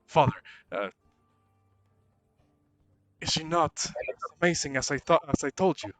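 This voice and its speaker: A man's voice: fairly high pitch, animated, a little slow, dry recording, soft background music. A man voicing an earnest, lovestruck young nobleman who speaks in an eager, formal, devoted way.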